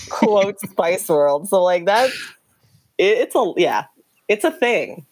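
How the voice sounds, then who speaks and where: A woman in her thirties, a podcast guest, chatting in an animated, giggly way with many fillers. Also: medium pitch, slow pace, dry recording. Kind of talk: casual chat.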